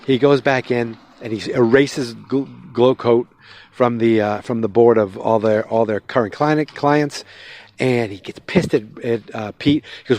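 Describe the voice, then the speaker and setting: A man talks through a TV episode in a loose, rambling recap, stopping often to restart his sentences. His voice sits at an ordinary middle pitch, and the sound is dry and close, with almost no room around it. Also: animated, normal speed, a little mellow, no room sound. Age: adult, with a father-in-law. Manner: rambling, many fillers and restarts. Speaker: podcast host. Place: outdoors, with passing vehicles.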